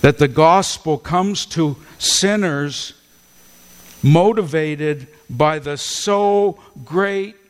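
Slow, emphatic preaching man in a hall. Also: a little high, smooth. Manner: slow, emphatic preaching with repeated words and drawn-out stresses. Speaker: pastor. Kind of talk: sermon. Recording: long church hall reverb.

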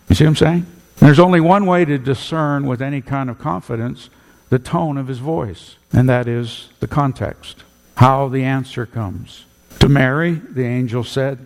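A male pastor preaching a sermon with emphatic, animated delivery in a church. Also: mid-range voice, normal speed. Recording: long hall reverb.

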